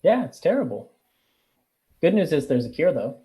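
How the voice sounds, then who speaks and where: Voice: mid-range voice, big pitch swings, normal speed, warm tone. A player in a tabletop game, chatting cheerfully and at length in character.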